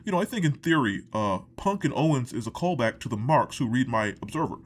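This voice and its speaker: Guy doing a hesitant middle-aged wrestling writer dude, lots of uhs, low and mumbly. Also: expressive, a little hiss or hum, lightly acted. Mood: musing. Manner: halting, full of ums and uhs.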